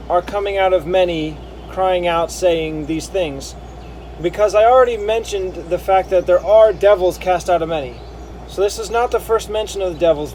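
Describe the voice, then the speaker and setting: A man's voice: high-pitched, darkish tone, a little hiss or hum, poor audio. A man thinking aloud as he combines Bible verses, reading passages and correcting himself as he goes. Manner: musing, self-correcting, reads verses aloud. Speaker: bible harmony editor. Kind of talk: thinking aloud while editing scripture.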